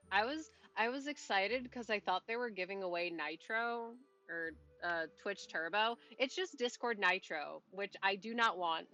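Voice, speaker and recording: A woman game streamer chats casually with her viewers while playing, rambling, breaking off mid-thought, and laughing under her breath. Her mid-range voice is bright and sharp-edged, the mic sounds dull and lo-fi, and soft game music plays faintly underneath.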